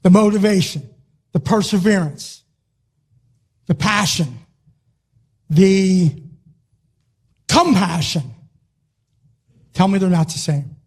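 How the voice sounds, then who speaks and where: An older man giving a motivational speech to an audience, emphatic and repetitive, sometimes rising to a shout. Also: sits high, slow, long pauses. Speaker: motivational speaker.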